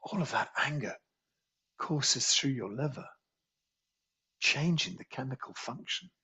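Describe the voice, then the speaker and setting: A man teaching a qigong healing class, guiding a slow, soothing meditation with repetitive phrasing. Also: mid-range voice, expressive, bright, forceful tone, breathy edge.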